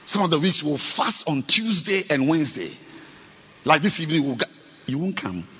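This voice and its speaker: Male pastor, sermon, soft then shouting, lively pitch, muffled sound, faint noise. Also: normal speed, breathy edge. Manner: swings from soft talk to loud shouting.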